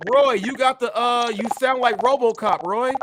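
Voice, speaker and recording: Male livestream host with a high voice, emphatic and repetitive, challenging his viewers. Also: moderate pace, heavy background noise. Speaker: live show host. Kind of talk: heated livestream talk.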